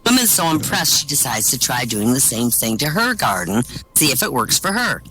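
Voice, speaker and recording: A man telling jokes at an open-mic night, his pitch swooping up and down as he tells each story. His voice is bright and clear, comes through an online voice chat, and he chuckles at his own punchlines. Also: sing-song, normal speed, poor audio. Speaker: comedian at an open-mic show.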